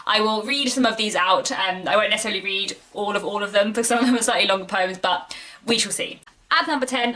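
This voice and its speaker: Chatty young woman, bright voice. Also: medium pitch, rough recording. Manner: chatty, repeats words, fills pauses with "um" and "like". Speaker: book vlogger. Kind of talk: casual chat to camera.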